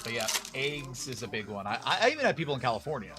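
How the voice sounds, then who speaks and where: A man's voice: mid-range voice, very animated, fast, noisy background. A man hosting a live card-break stream, chatting casually and arguing his opinions with lots of restarts. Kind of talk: casual livestream chat.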